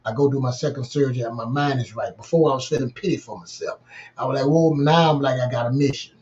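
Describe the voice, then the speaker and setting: A man's voice: medium pitch, fast talker, darkish tone, lo-fi sound. A middle-aged man hosting a podcast, telling a personal story in an emphatic, repetitive, vernacular way. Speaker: podcast host.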